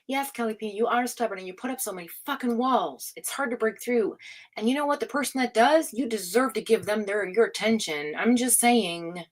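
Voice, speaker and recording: Excitable swearing woman reading tarot. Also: on the high side, brisk, low-quality recording. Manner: excitable, swears freely, laughs often. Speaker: tarot reader. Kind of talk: casual livestream reading.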